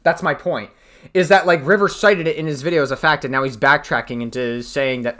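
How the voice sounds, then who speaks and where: A man talks through a debate he took part in, his bright, forceful voice heated and scornful. He swears freely and mocks the other side as he argues his point. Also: on the high side, brisk. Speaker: commentator. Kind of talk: reaction commentary.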